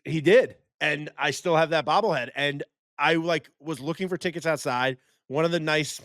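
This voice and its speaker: Young male co-host, excitable, raised pitch, dry close sound. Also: moderate pace, dry recording. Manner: excitable, animated storyteller who slips into impressions. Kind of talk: casual sports chat.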